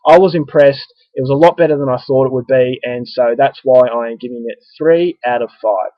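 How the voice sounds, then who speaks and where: A man's voice: mid-range voice, brisk, no room sound. Australian male film reviewer, casual chatty delivery, dry close sound, slightly muffled audio. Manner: conversational, frequent ums and restarts.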